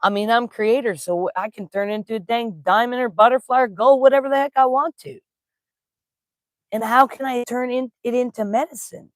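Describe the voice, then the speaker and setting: With fairly even intonation at normal speed, this mid-range voice belongs to a spiritual teacher on a casual live stream. The sound is clean studio audio with no room sound, and the teacher laughs easily, tells stories in folksy slang, and greets people in the chat.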